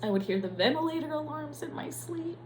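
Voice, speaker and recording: A woman's voice: high voice, lively intonation, brisk, darkish tone, a little hiss or hum, low-quality recording. A young adult woman, a nurse, speaking in a candid, profane and emotional personal vlog.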